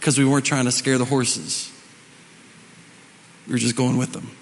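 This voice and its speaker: A man's voice: medium pitch, level tone, normal speed, a little hiss or hum. Preaching man in a reverberant church. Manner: dramatic storytelling, swings from shouting to hushed. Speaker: pastor. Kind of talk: sermon. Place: church sanctuary.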